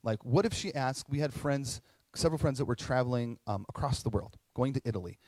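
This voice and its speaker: A middle-aged man preaching a sermon, telling a self-mocking personal story with sudden bursts of loud excitement. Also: mid-range voice, brisk, no echo. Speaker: pastor.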